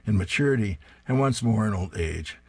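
A man's voice: lowish voice, animated, normal speed, creaky, darkish tone, husky, no echo, heavily acted. A man reading aloud and voicing a wry old grandfather from a comic strip with a folksy manner. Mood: musing. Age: older.

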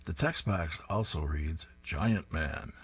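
A man describing comic strips panel by panel and reading them aloud in a steady, descriptive way with dry amusement. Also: rumbling low, takes it slowly, slightly rough. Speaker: comics reader.

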